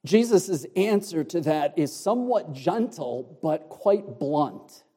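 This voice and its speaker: A man preaching an expository sermon, explaining the Greek words of a passage with deliberate emphasis. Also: fairly high pitch, animated, warm tone, husky. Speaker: pastor. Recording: long hall reverb.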